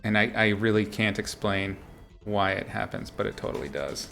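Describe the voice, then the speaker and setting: Male streamer, easygoing chat with viewers, quick laughs, soft music in the background. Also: on the low side, vocal fry. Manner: chatty, laughs often, reads and answers chat. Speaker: streamer chatting with viewers while painting. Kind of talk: casual livestream chat.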